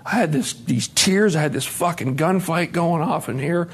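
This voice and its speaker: A middle-aged Montana man, his voice a little high and husky at a normal pace, gives a candid testimony at a recovery conference. He's blunt and profane, acting out the dialogue as he recounts it.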